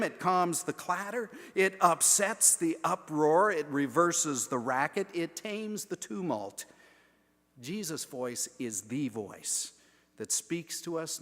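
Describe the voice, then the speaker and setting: A man preaching from the pulpit in a big church, his voice sitting a touch high. He takes his time, unhurried and deliberate. His words swing from soft near-whispers to loud, ringing emphasis, all trailing off in the long echo of the sanctuary. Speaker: pastor. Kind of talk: sermon.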